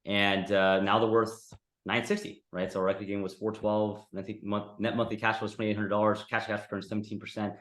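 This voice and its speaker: A man's voice: lowish voice, flat delivery, a little fast, fairly bright tone, echoey room. A man teaching a real estate investing class in a casual, conversational way, often tagging sentences with "right?". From United States.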